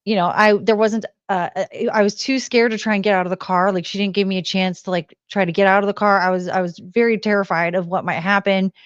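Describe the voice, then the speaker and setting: A woman co-hosting a casual podcast chat, retelling events and quoting people in a raised, animated voice. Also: medium pitch, fast talker, few pauses, smooth, no echo, lo-fi sound. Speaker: podcast co-host.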